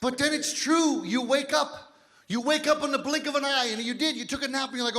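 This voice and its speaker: A man in his fifties performing a stand-up comedy set, telling big, animated stories on a stage mic in a live hall. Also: very high-pitched, fairly quick, slight background noise. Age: 50s. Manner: big animated storytelling, drops to quiet voices for quoted doctor. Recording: live hall with audience laughter.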